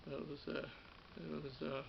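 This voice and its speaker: Looking back on his years as a radio studio producer, a middle-aged Australian man rambles through memories in a strongly gravelly, slightly high voice that stays level in tone. He halts often, chuckling, restarting sentences and repeating words. The lo-fi recording sounds dull, with a faint hiss beneath it.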